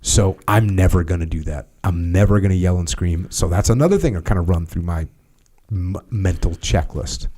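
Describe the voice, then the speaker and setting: An American man with a lowish, dark, mellow voice, speaking steadily and matter-of-factly. He talks in a relaxed podcast conversation and drops in casual fillers as he thinks aloud. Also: moderate pace. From United States. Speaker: former Navy SEAL leader.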